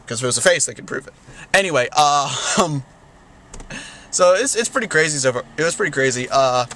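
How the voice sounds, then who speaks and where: Rambling young man with a lively voice. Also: fairly high pitch, brisk, a little hiss or hum. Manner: rambling, full of fillers and restarts, laughs often. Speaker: vlogger. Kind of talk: casual storytelling vlog.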